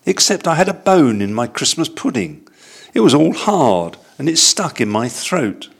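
A man's voice: medium pitch, very animated, normal speed, vocal fry, husky, pitched above the performer's own voice, exaggerated voice. A man voicing a small, polite young male bear with an earnest, plaintive manner in a storybook reading. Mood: aggrieved.

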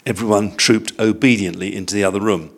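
Low-voiced man reading a storybook. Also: steady tone, brisk, creaky.

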